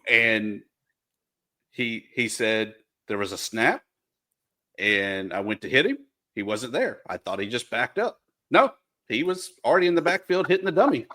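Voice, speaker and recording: A male podcast host with a bright, forceful tone chats easily with his co-host. He tells a quick locker-room anecdote and wraps up the episode with an easygoing manner at a mid pitch. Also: lively intonation. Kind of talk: casual podcast chat.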